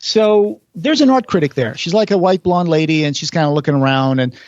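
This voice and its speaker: A man's voice: fairly high pitch, expressive, fairly quick, no echo, dull audio. A man hosting a podcast, retelling film scenes in casual detail and acting out quotes. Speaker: podcast host.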